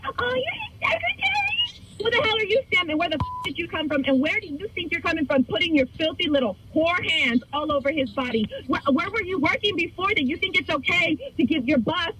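A woman on a phone call, furious and jealous, shouting and demanding answers. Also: extremely high pitch, brisk, hardly any pauses. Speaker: prank call target. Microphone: telephone. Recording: phone call with clear background noise.

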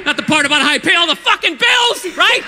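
A male stand-up comedian in a profane, ranting routine that bursts into shouting, performing on stage. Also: very high-pitched, expressive, fast talker. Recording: live venue with long reverb and crowd noise.

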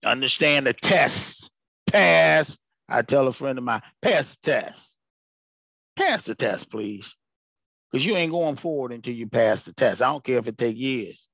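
Guy preaching a sermon, bright punchy voice, dry close sound, keeps repeating himself for emphasis. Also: mid-range voice, lively intonation, measured pace, vocal fry, dry recording. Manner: colloquial, emphatic, repeating phrases. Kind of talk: informal sermon broadcast.

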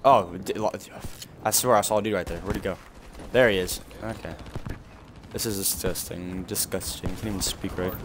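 A young man giving live gameplay commentary, animated and trash-talking, with sudden shouts at opponents. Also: low-pitched, moderate pace. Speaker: gaming commentator. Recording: game gunfire noise behind the voice. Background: in-game gunfire and explosions.

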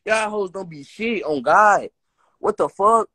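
Young male rapper, high-pitched voice, profane and heated, ranting to his live-stream viewers. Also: animated, a little slow, sharp tone. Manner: heated, profane, slangy trash talk.

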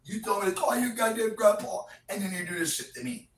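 A man's voice: high-pitched, fast talker, fairly bright tone. Agitated pleading man in an echoey room. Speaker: vlogger's partner. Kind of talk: heated argument, addressing viewers. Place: motel room. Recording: echoey room, distant mic, faint background noise.

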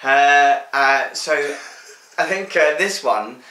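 A man's voice: on the high side, expressive, slow, sharp tone, echoey room, rough recording. A man co-hosting a comedy podcast, playful and bumbling as he sets up a story. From England. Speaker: podcast co-host. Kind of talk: comic storytelling.

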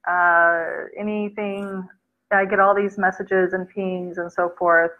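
A woman's voice: medium pitch, flat delivery, takes it slowly. A woman hosting a casual live chat, reading out viewer comments and mixing in Urdu words as she answers. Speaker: livestream host answering viewer questions. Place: Islamabad. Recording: dull lo-fi sound.

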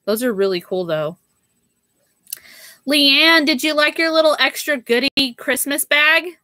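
Chatty young female livestream host, unhurried delivery, slightly high voice. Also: expressive, pushed and bright, no echo, clean studio sound. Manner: chatty, says "like" and "girl" a lot. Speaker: live sale host. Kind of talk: casual livestream chat.

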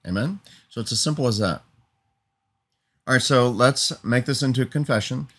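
A man's voice: medium pitch, moderate pace, fairly bright tone. A man preaching an earnest teaching sermon, building emphatic lists and often asking "Amen?" for assent.

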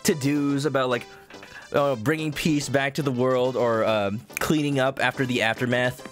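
A man's voice: mid-range voice, steady tone, moderate pace, soft background music. A man streaming a video game, chatting casually and jokily with his chat. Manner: chatty, jokey, talks to chat.

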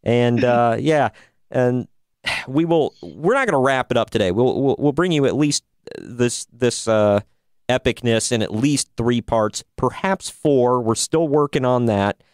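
A male podcast host talks in an upbeat, chatty way and throws in a playful drawn-out "bro" now and then. His voice sounds smooth and clear, and the recording is dry and close. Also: mid-range voice, a little mellow, dry recording. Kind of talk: casual podcast chat.

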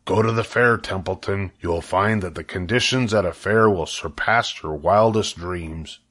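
A man's voice: low-pitched, normal speed, a bit bright. A man voicing a worldly, persuasive old male sheep in a storybook, lingering with relish over long lists. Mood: coaxing.

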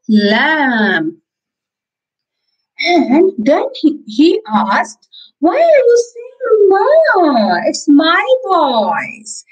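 A woman with an Indian English accent teaching preschoolers in an online class, telling a story slowly and repeating words for small children. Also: high voice, rough recording. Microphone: video call.

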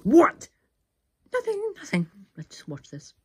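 A man voicing a cheerful male plumber plush with a put-on Italian accent, excited and playful as he teases his grumpy host. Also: fairly high pitch, moderate pace, slightly rough, full character voice. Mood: innocent.

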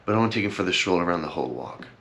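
Very fast and animated, a young man with a deep, fairly bright voice chats to his camera in a heartfelt vlog. He's rambling and earnest, using many fillers and repeated thanks, and is teary at moments.

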